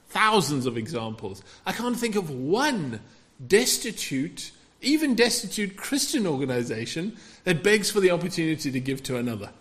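A man preaching a sermon, asking the congregation rhetorical questions in an animated way. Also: fairly high pitch.

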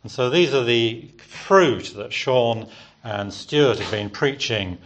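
A man's voice: mid-range voice, slow. A man preaching a sermon in a church service, quizzing the congregation and having them repeat words after him. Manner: interactive, asks the congregation questions and leads repetition.

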